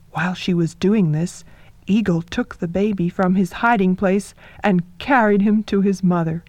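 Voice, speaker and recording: A woman tells an old folktale at a slow, unhurried pace, her delivery soft and measured. Her pitch sits in a comfortable middle range. The recording is dry and close, with no room sound. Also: no room sound. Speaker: storyteller. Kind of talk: folktale narration.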